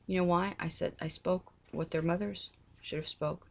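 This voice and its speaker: A woman's voice: lowish voice, fairly even intonation, normal speed, gravelly. A middle-aged woman giving a heartfelt, earnest talk on faith, often repeating herself as she pleads with listeners. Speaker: religious vlogger.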